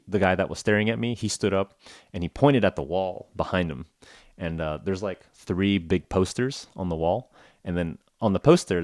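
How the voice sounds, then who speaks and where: Brief: young male podcast host, deep voice, relaxed self-deprecating storyteller, dry close sound. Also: no echo. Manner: chatty and self-mocking, with many fillers like "uh" and "like". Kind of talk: casual storytelling podcast for English learners.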